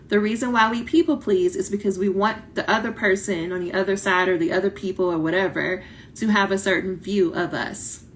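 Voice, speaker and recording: A woman coaching doctoral students in a casual live talk, blunt and lively, acting out quoted voices, her voice starting to tire. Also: medium pitch, fairly quick, a little hiss or hum. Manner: animated, blunt, talks directly to viewers, acts out quoted voices. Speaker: dissertation coach.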